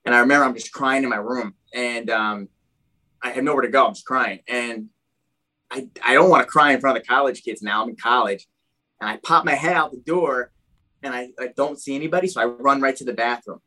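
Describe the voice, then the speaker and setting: Young adult man, animated, chatty guest recounting his past in a mid-range voice. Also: medium pitch, brisk, rough recording. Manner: animated, heavy use of "like" and "dude". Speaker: guest telling his life story. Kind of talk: casual storytelling.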